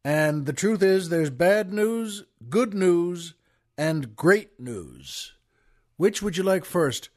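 A man's voice: high voice, lively intonation, slow. Grim state trooper in a spoken joke, plain and matter-of-fact, as a male host puts him on. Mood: deadpan.

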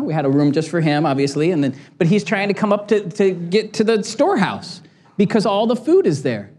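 Middle-aged man preaching an animated story. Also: on the high side. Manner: animated storytelling, acting out quotes, laughing at himself. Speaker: pastor. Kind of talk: sermon.

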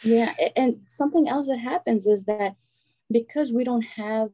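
Frank, lively woman guest from Albania, middle-aged, warm and mellow in tone. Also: fairly high pitch, normal speed. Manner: animated, frank storyteller. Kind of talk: casual conversation.

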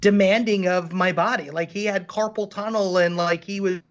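A man co-hosting a podcast in casual chat, rambling and animated with lots of fillers. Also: sits high, normal speed, highs cut off. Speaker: podcast co-host, animation studio co-founder.

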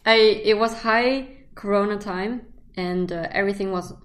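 Animated woman telling dating stories. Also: medium pitch, normal speed. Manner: animated storytelling, acting out text exchanges. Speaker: podcast host. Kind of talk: casual chat.

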